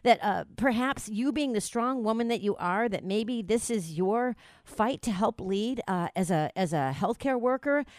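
A woman's voice: medium pitch, expressive, moderate pace, no room sound. A woman hosting a radio talk show, chatty and rambling, with many fillers.

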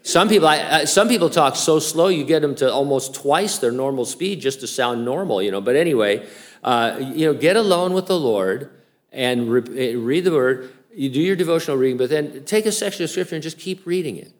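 An older male pastor preaches in a relaxed, conversational way. He talks like he is chatting with friends, stopping often to restart a thought. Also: on the high side, brisk. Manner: chatty and informal, with many fillers and restarts. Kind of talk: casual conversational sermon.

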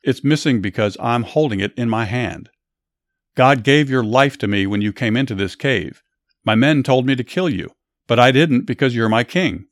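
A man's voice: mid-range voice, normal speed, no echo, studio quality, voice pushed up, lightly acted. A man voicing a young warrior pleading his innocence in a Bible story, earnest and insistent.

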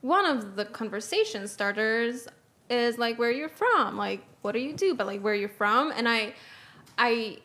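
A woman with a Serbian accent, chatting as a guest. Her voice sits a little high, and she tells stories loosely, with plenty of "like" fillers. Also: lively intonation, unhurried, bright, forceful tone. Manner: chatty storytelling, many "like" fillers. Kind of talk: casual chat.

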